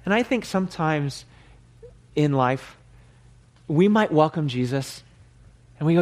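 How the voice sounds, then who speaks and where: A man's voice: a little high, animated, unhurried, pauses often, a little mellow. A male pastor preaching a sermon in an earnest, conversational way.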